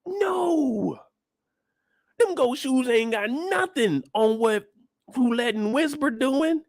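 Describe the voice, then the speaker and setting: Animated high-pitched man ranting. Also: a little slow, no room sound. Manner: loud, animated, profane ranting with big pitch swings. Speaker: channel host reacting to a TV episode. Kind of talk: casual reaction commentary.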